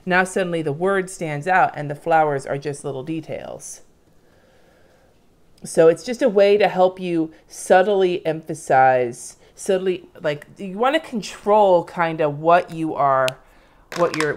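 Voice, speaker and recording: A woman in her thirties casually teaching lettering on a live stream, chatty and rambling as she draws and explains. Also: low-pitched. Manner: chatty, rambling, demonstrates while drawing.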